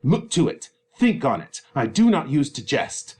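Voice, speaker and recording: Bullying old patriarch in a fury, a man reads him, barked clipped threats, animated pitch. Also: a little slow. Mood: furious. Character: furious domineering older male lord, father. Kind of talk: dramatic reading of a play.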